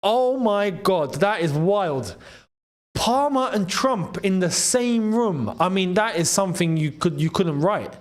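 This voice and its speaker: Excitable man, lively high voice. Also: slow pace. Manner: excitable, laughs often, banter-filled. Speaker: football channel host. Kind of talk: casual live watchalong commentary.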